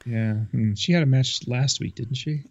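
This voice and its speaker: Husky man with short agreeing replies. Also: mid-range voice, normal speed, muffled recording. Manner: brief agreeing interjections. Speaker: podcast co-host. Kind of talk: casual chat.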